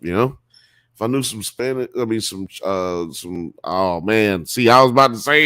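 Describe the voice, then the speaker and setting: A man's voice: fairly low pitch, lively intonation, moderate pace, sharp tone, clean tone, dry recording, clean studio sound. A man hosting a live podcast, reading chat comments aloud in a rambling, profane way and laughing often. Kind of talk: casual live-stream chat.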